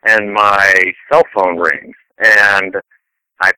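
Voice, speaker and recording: A man's voice: lowish voice, fairly even intonation, extremely slow, bright, forceful tone, clear, resonant tone, no echo, low-quality recording. A middle-aged man, a scientist guest on an interview, telling rambling anecdotes in a casual conversational way.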